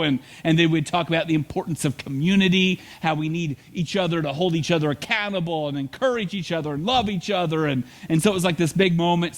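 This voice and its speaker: A middle-aged man delivering a sermon from the pulpit, slightly high-pitched and animated. He tells his stories with relish and slips into little voices for the people in them. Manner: animated storyteller, acts out quotes. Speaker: pastor. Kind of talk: sermon with storytelling.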